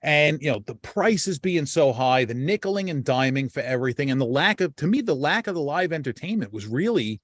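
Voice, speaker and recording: A man's voice: a little high, lively intonation, fairly quick, hardly any pauses, no room sound. A man hosting a podcast in casual chat, rambling with lots of restarts and cursing freely. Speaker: podcast host.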